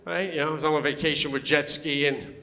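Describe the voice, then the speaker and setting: A man doing a stand-up comedy set on stage, animated and loud when he acts out quotes. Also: a little high, fairly quick. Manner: animated, swings into loud put-on voices for quotes. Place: on stage before a laughing audience.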